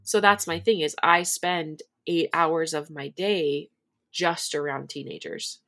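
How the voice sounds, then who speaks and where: A woman co-hosting a podcast, a teacher chatting casually, telling stories with bursts of excitement and laughter. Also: low-pitched, takes it slowly, gravelly. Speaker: podcast co-host. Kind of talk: casual chat.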